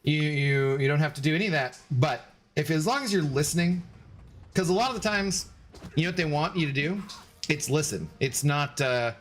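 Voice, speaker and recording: A man streaming a video game, chatting casually with viewers in a halting, rambling way with many restarts. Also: fairly high pitch, expressive, slight background noise. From Washington State, United States. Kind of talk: casual gaming stream chat.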